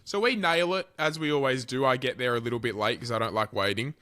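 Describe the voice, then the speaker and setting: Australian guy, young, podcast co-host, animated storytelling, lots of swearing, mid-pitched voice. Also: quick pace. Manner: animated, sweary storytelling, swinging loud and quiet. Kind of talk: casual storytelling chat.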